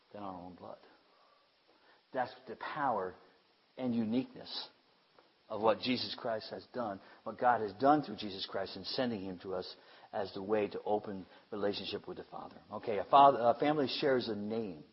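A man preaching a sermon with emphasis, repeating phrases and swinging between loud declarations and hushed asides. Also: fairly low pitch, normal speed, breathy edge, muffled recording.

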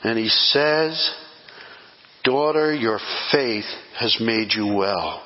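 A man preaching a sermon as pastor, swinging from loud emphatic peaks to hushed near-whispers. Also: lowish voice, very slow. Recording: dull sound in a reverberant hall.

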